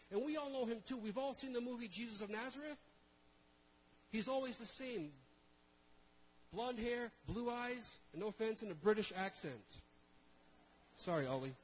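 Animated high-voiced male preacher. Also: a little hiss or hum, rough recording. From Canada. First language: Portuguese. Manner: joking, animated storytelling. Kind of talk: humorous sermon.

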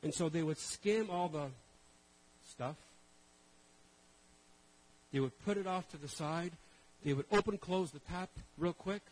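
A male pastor preaching with lively storytelling. His voice sits slightly higher than most men's. He keeps drawing in the congregation with questions and calls for an amen. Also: a little slow, long pauses, slight background noise, rough recording. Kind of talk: sermon.

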